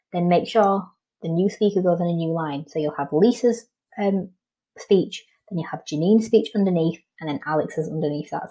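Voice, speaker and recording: A woman's voice: lowish voice, dark tone, slightly rough, low-quality recording. A woman with a Welsh English accent, a primary school teacher patiently explaining a recorded lesson step by step, with frequent ums.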